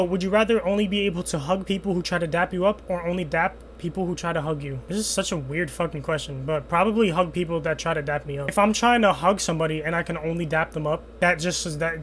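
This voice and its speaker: A young man casually telling a fan a story from his school days, animated and full of swearing. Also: high voice, a little hiss or hum. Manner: animated, profane, dramatic storytelling. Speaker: YouTuber answering fan questions.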